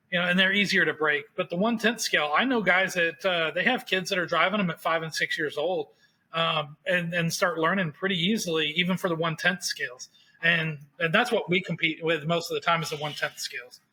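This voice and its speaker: A man's voice: a little high, pushed and bright, low-quality recording. A man, a podcast guest, explaining things in a rambling, casual way full of fillers. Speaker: guest, cabinet refinisher. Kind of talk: casual chat.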